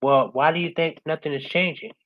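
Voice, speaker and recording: Passionate woman giving a motivational talk, keeps going "right?", gets loud then soft. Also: brisk, muffled recording. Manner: passionate, repeats "right?" after most points; swings between loud urging and soft, low-key closing. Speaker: guest speaker.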